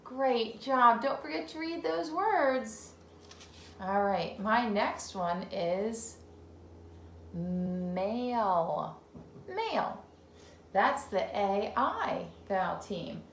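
A woman teaching phonics to a young child, unhurried and encouraging, stretching out each word and saying it twice. Her voice sits in a middle register and rings a little in an echoey room, with a faint hum behind her. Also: fairly high pitch, lively intonation, a bit bright. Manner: encouraging, sounds out words slowly and repeats them. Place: home room.

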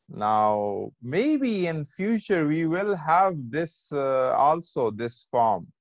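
A man giving an online grammar lecture, slowly going over examples and checking often that students follow. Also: fairly high pitch, very animated, no room sound. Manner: slow, repetitive, checks understanding often. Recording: dull, lo-fi online call.

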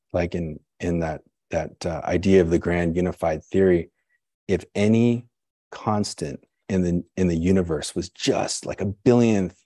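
Low, husky-voiced man giving a dharma talk. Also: warm tone, no echo, studio quality. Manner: conversational, musing, self-questioning; frequent "right?" and "you know". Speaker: Zen teacher.

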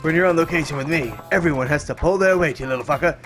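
A man's voice: a little high, quick pace, a bit bright, faint music behind. A man reading game subtitles aloud, voicing a flamboyant, pompous male TV director who drops foreign phrases. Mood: bossy. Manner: theatrical, sprinkles foreign phrases, bossy.

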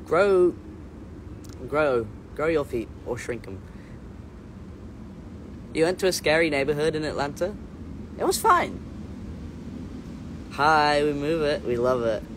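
Reading viewer comments on his livestream, this male musician stays casual and playful, wandering off topic and fixing his sentences as he goes. His voice sits on the high side and moves at a measured pace with frequent pauses, against some background noise.

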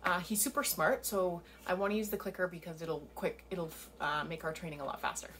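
At home, a woman who trains dogs casually walks through a training session step by step as she works. Her fairly low voice is brisk and a bit bright, with a little hiss or hum. The recording sounds roomy and distant, with faint ambience.

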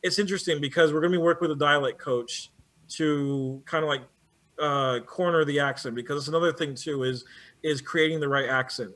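Guest producer, man, higher-pitched voice, animated and restless delivery, many repeated starts. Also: a little fast. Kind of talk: casual conversation.

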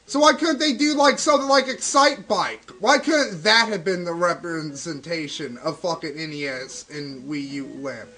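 A man's voice: a little high, normal speed, hardly any pauses, sharp tone, faint music behind, low-quality recording. A young man giving rambling, profane commentary while playing an old video game, ranting and stoned. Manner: swears constantly, rambling and ranting. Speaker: gaming video host. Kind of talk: profane let's-play commentary.

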